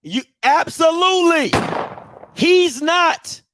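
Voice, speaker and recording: A man's voice: very high voice, lively intonation, takes it slowly, background noise. A man hosting a live talk show, giving emphatic commentary that repeats points and uses casual slang. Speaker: host.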